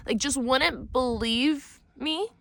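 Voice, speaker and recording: A woman vlogger telling a personal story with emotion, animated and frustrated, swearing freely. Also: high voice, takes it slowly, creaky, slight background noise. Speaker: vlogger, spiritual mentor.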